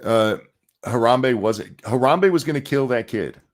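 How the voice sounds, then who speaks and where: A man's voice: mid-range voice, unhurried. A man hosting a podcast, ranting and telling stories in a casual, profane, exasperated way. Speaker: podcast host.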